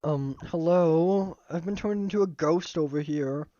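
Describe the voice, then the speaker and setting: A man's voice: on the high side, moderate pace, warm tone, no echo, highs cut off. Joking man reading a game aloud. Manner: joking, laughing and swearing at the game. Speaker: streamer. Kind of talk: casual game playthrough, reading text aloud.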